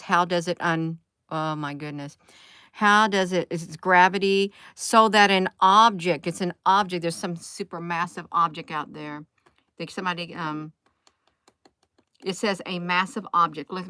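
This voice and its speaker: A woman talks into her phone in a loose, rambling vlog, thinking aloud and breaking off to restart her sentences. Her voice sits a little low. The sound is dry and close, with no room echo. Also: normal speed, fairly bright tone. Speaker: vlogger.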